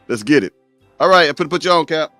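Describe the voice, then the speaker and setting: A man's voice: a little high, bright, forceful tone, dry recording. A man hosting a live-stream talk show, speaking bluntly and straight to his viewers. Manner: blunt, addresses viewers directly.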